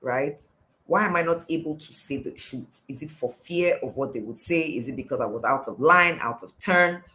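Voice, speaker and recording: A woman's voice: sits low, normal speed, sharp tone, poor audio. A middle-aged woman with a Nigerian accent, giving a devotional coaching talk, asking question after question in an emphatic way. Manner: questioning, emphatic, repeats "why". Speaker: life coach.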